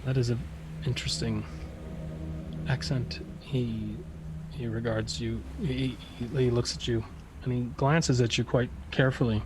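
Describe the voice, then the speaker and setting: Guy gm narrating a tabletop game, halting, lots of restarts, mid voice. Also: mid-range voice, steady tone, a little hiss or hum, low-quality recording. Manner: halting, many fillers and restarts. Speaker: game master.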